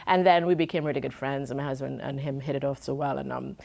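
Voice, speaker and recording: Chatty woman singer, low voice. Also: steady tone, quick pace, gravelly. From Trinidad. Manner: warm, chatty, laughs often. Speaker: singer and guest. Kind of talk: interview.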